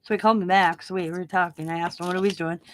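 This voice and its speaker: A middle-aged woman, a craft vlogger, chats casually at her craft desk at home while crafting, telling a rambling story and acting out the voices of its characters. Her voice is fairly low and fairly even in intonation, and she talks very fast. There's slight background noise.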